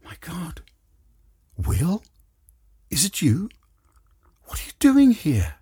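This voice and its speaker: A man's voice: high-pitched, quick pace, darkish tone, slightly rough, voice pushed up. A man voicing a wry woman in her fifties. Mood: surprised. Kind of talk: audiobook character voice.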